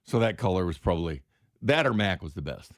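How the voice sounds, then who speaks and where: A man's voice: sits low, sing-song, brisk, dry recording, studio quality. A man appearing as a guest on a sports radio show, telling stories in a laid-back, casual way. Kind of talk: casual banter. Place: radio studio.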